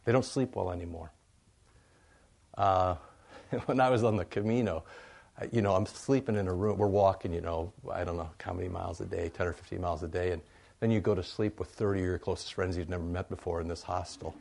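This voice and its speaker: An older male pastor giving a folksy, rambling sermon, often checking in with the congregation with a quick "right?". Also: low voice, fairly even intonation, creaky, a little mellow. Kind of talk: conversational sermon.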